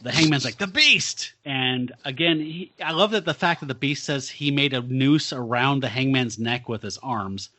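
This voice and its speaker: A man's voice: mid-range voice, moderate pace, hardly any pauses, pushed and bright, slight background noise. A man who is a film director, guesting on a casual comic-book podcast and making crude jokes.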